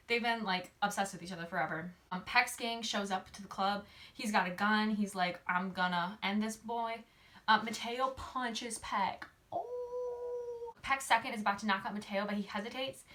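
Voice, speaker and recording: A woman's voice: mid-range voice, a bit bright. A woman casually recapping a novel in a chatty way, full of "like" and "um", briefly acting out the characters' lines. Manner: chatty, filler-heavy, uses "like" a lot; acts out characters' lines in quick quoted voices. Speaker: book summary host.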